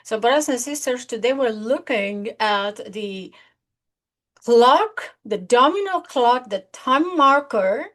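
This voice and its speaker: A woman hosts her own prophecy channel and preaches with urgent, earnest warnings. She speaks slowly and often circles back to repeat a phrase. Her voice sits a little high. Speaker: host of an online prophecy channel. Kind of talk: online prophetic sermon.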